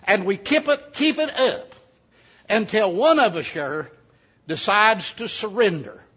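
A man voicing a scrawny ninety-year-old mountain man, stubborn and sly, talking in a slow folksy drawl. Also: high voice, lively intonation, bright, forceful tone, slightly rough, full character voice. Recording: dull lo-fi sound.

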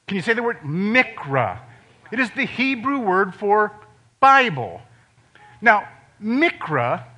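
An older man from Ohio preaching a sermon in a conversational way, dropping suddenly to quiet emphasis on key words. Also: high-pitched. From Ohio, USA.

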